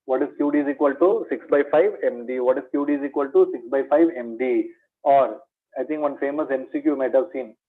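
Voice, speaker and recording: A man's voice: medium pitch, brisk, phone-quality sound. A man teaching an exam revision lecture in maths, repeating key points, asking rhetorical questions and calling his students "my dear".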